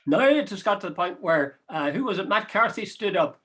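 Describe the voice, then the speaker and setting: A man's voice: high voice, animated, fairly quick, sharp tone. A man co-hosting a casual political chat, wry and chatty with amused asides. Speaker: co-host of a current affairs podcast.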